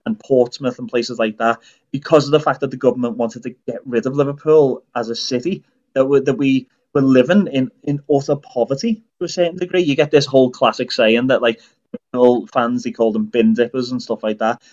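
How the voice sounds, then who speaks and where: A man's voice: mid-range voice, steady tone, fairly quick, a little mellow. Man from Northern Ireland, podcast co-host, earnest long-winded explainer, slightly dull lo-fi sound. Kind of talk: casual podcast chat.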